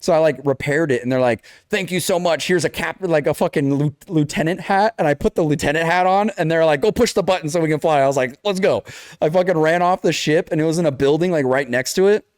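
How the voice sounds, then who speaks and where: In a clean studio recording with no echo, a young male podcast co-host speaks quickly in a fairly high voice. He's chatting casually, animatedly recounting a video game story, performing the characters' lines and swearing heavily.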